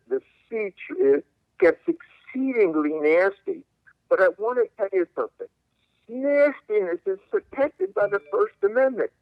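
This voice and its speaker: An older man with a high, lively voice argues like a lawyer, leaning hard on his points. He comes through a tinny, dry phone line. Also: dry recording. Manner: emphatic, argumentative, lawyerly. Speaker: civil liberties attorney guest. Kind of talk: interview answers by phone. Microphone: telephone.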